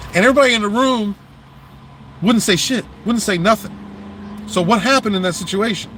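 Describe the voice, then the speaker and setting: A man hosting a casual livestream, talking bluntly and profanely in an animated rant, outdoors near traffic. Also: high-pitched, a little fast, long pauses, low-quality recording. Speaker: livestream host.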